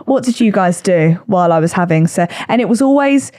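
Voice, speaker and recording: A woman's voice: medium pitch, animated, a little fast, dark tone. A woman hosting a podcast, telling stories in casual chat, laughing often and swearing freely. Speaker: podcast host.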